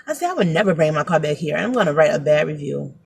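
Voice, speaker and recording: A woman vlogging casually from her phone, telling a story in a blunt, animated way and swearing freely. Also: deep voice, fast talker, vocal fry, a little hiss or hum. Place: outdoors, arriving at a building.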